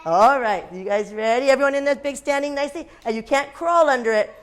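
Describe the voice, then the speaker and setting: Lively woman teacher reading to little kids in class, fairly high voice, gaspy and playful. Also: fairly quick. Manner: lively, expressive, with playful gasps. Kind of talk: classroom read-aloud and games.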